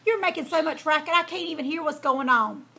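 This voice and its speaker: A woman voicing a clever, sharp-tongued baby girl pig in a storybook reading. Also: high-pitched, fairly quick, a little hiss or hum. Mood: sassy.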